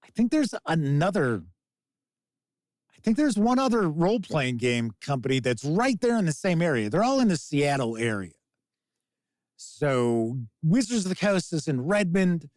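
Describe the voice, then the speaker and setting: Chatty middle-aged host, slightly high voice. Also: male voice, sing-song, moderate pace, darkish tone, no echo. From American. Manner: chatty, rambling, reads out viewer comments. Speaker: podcast host reading chat. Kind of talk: casual live-stream chat.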